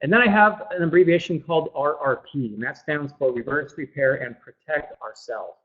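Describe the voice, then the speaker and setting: A man's voice: on the high side, normal speed, slightly rough. Earnest man presenting a webinar. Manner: earnest, repeats words as he goes. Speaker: functional medicine practitioner. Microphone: laptop microphone. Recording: dull lo-fi laptop audio.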